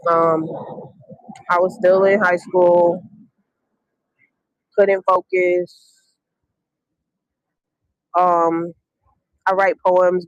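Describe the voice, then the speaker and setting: A woman from Brooklyn, hosting a podcast and telling a personal story in a candid, slangy, unhurried way with many ums. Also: lowish voice, no echo, dull audio. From Brooklyn, New York. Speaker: podcast host.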